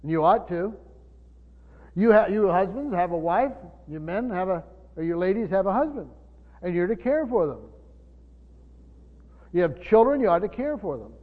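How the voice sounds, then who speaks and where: A man preaching a Bible study sermon, often pausing, repeating words and asking his listeners questions. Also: high-pitched, expressive. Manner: halting, repeats words, asks the room questions. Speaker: pastor. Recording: tinny phone-like sound in a reverberant hall.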